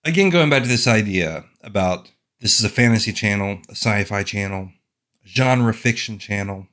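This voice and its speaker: A man's voice: on the low side, brisk, a bit bright. A man hosting his own fantasy fiction channel, talking casually and wandering off on self-deprecating, wry asides. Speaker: author and fantasy channel host. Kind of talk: casual talking-head monologue.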